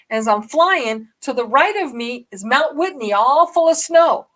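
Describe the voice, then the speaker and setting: A woman vlogger telling a story to her viewers in a rambling, excitable way, dropping to a hush and then getting loud. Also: high voice, moderate pace, hardly any pauses. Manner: rambling, excitable, swings between hushed and loud. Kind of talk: casual storytelling to camera.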